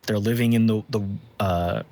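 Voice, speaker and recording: A man running a tabletop game as game master, describing scenes in a measured way, with occasional ums. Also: lowish voice, fairly even intonation, warm tone.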